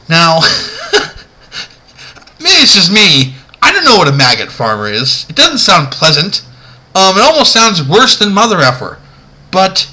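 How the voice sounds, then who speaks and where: Man with a sharp, bright voice, talking casually and rambling as he counts down a list. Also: on the high side, poor audio. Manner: chatty, rambling, amused, many fillers. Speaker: vlogger ranking movie moments. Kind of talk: casual video commentary.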